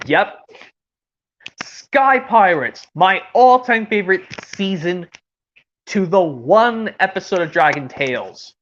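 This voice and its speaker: A woman's voice: on the low side, lively intonation, slow, slight background noise. A woman chatting casually and rambling with enthusiasm between voice impressions. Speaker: streamer doing voice impressions. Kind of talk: casual chat. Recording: dull lo-fi audio.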